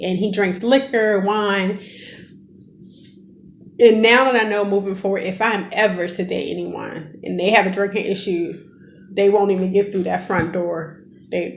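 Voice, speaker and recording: A woman's voice: mid-range voice, slight background noise. A woman in her thirties telling a personal story in a chatty, emotional vlog, addressing her viewers directly. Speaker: vlogger. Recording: echoey room.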